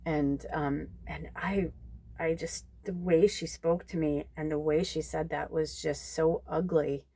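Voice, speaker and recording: A woman's voice: low voice, measured pace, creaky, slightly rough, dry recording. A young woman, a psychic medium, telling a personal story to her viewers in casual talk, emotional and near tears, swearing freely. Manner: emotional storytelling, swears freely, quotes others in lively voices. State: tearful, near crying. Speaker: psychic medium giving a tarot reading. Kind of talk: casual spoken reading to viewers.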